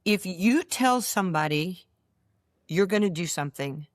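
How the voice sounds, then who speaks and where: Casting: older woman, low voice, animated storyteller who plays out quoted dialogue, dry close sound. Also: measured pace, no room sound. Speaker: interview guest, basketball coach. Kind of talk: storytelling interview.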